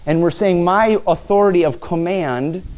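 A man delivering a sermon with a slightly high-pitched voice. He talks conversationally, asking the congregation questions and often repeating words before finishing a thought. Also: normal speed, darkish tone. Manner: frequent stumbles and repetitions. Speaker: preacher.

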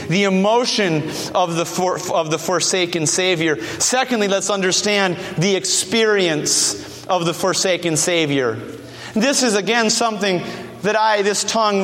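High-voiced impassioned preacher in a reverberant hall. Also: male voice. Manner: impassioned, swinging between loud high pleas and low hushed tones. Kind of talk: sermon. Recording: long reverb of a large hall.

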